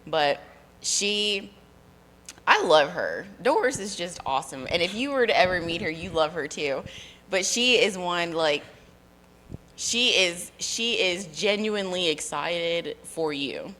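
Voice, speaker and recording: A woman's voice: lowish voice, animated, a little slow, sharp tone. A woman in her thirties in casual conversation, telling rambling stories with lots of fillers and laughter. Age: 30s. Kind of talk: casual chat.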